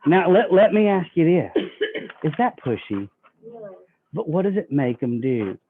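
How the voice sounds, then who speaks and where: A man's voice: a little high, expressive, a little slow, slight background noise. A man giving a sales training talk, folksy and acting out customer dialogue. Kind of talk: sales training talk with role-played pitches. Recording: tinny phone-like audio.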